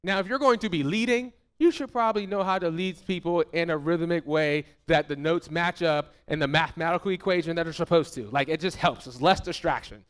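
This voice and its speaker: Fervent preacher man, higher voice. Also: brisk, hardly any pauses, fairly bright tone, clear, resonant tone. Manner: fervent, emphatic preaching with repetition. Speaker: pastor. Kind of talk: sermon.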